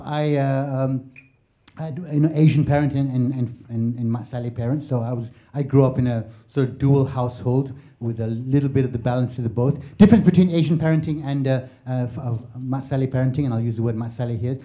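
A man's voice: medium pitch, fairly even intonation, a little fast, dark tone. A man, doing chatty, self-mocking stand-up comedy. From Malaysia. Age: 40s.

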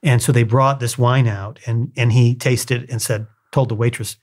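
A man's voice: mid-range voice, fairly even intonation, moderate pace, few pauses. A man co-hosting a casual book discussion, reading long passages from a novel and telling anecdotes. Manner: reads long passages, then tells anecdotes with laughter. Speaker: podcast co-host.

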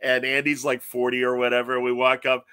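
Guy in his 50s, bright punchy voice, dry close sound, tells stories animated. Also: medium pitch, a little fast, clean tone, no echo. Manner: animated storyteller acting out quotes. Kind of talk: casual chat.

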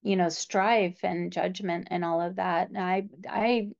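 A woman's voice: on the low side, steady tone, unhurried, vocal fry, a little mellow, lo-fi sound. A woman guest in a casual faith conversation, earnest and reflective. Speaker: podcast guest.

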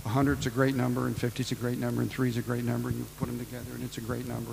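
A man with a gravelly voice preaches in a loose, storytelling way, ad-libbing and slipping into quick voices for the people in the tale. His voice rings through a long echoey hall with a faint hiss of noise under it. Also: medium pitch, little pitch movement, a little mellow. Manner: casual, ad-libbing retelling with acted-out voices. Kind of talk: storytelling sermon.

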